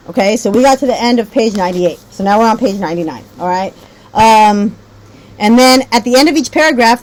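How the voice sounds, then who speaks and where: A woman's voice: on the high side, low-quality recording. A woman training teachers on a reading method, rambling a little, correcting herself and checking in often. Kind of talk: teacher training talk with read-aloud demos.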